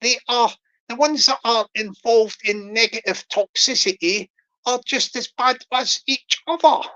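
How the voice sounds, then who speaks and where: A woman's voice: a little high, measured pace, pushed and bright, dull audio. A woman, rambling on as a YouTuber in a casual monologue, repeating herself and chuckling often. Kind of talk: casual monologue livestream commentary.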